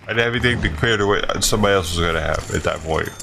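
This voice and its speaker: A man with a low voice talks half to himself while he plays cards on a live stream. His remarks are casual and offhand, a running murmur of reactions to each hand. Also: racing, creaky, bright, forceful tone. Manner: mutters reactions to the card game to himself.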